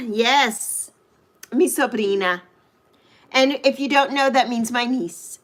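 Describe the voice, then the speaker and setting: A woman's voice: on the high side, a bit bright. A middle-aged woman hosting a live chat with viewers, emotional and affirming as she talks about spiritual connection. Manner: emotional, slow and heartfelt, reads viewers' names. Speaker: livestream host.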